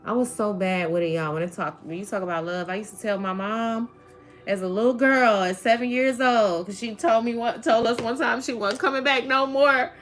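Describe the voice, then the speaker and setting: Woman tarot reader, chatty livestream talk, slightly high voice, faint music behind. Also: fairly even intonation, moderate pace, fairly bright tone. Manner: chatty, laughs often, addresses viewers as y'all. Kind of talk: casual livestream chat.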